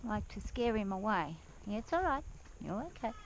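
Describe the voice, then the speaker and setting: A woman talking softly and calmly to her horse as she rides it outdoors around a farm yard, with an action camera worn while riding. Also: medium pitch, a little fast, slight background noise, low-quality recording. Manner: soft, soothing coaxing of a horse. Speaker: horse rider and farm owner. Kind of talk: riding vlog narration.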